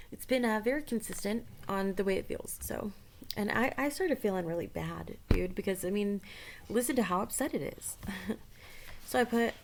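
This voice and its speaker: A woman's voice: mid-range voice, moderate pace, gravelly, poor audio. A woman vlogger commenting casually on the screen, swearing freely, laughing often and sometimes dropping to a murmur.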